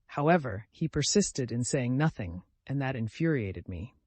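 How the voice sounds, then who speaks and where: A man narrating a classic story in steady, scripted audiobook reading. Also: medium pitch, fairly quick, hardly any pauses, dry recording.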